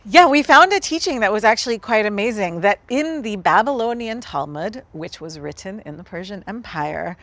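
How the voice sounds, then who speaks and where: A woman's voice: medium pitch, animated, moderate pace, hardly any pauses, fairly bright tone, no echo. A woman with an American accent co-hosting a gathering, speaking thoughtfully and casually with fillers. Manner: reflective, with fillers like "kind of" and "like". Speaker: event co-host. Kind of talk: casual spoken presentation to a gathering.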